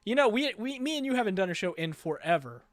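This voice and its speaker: A man co-hosting a fan review podcast, chatting casually with excitable, quick back-and-forth banter. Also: high voice, dry recording, studio quality. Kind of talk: casual chat.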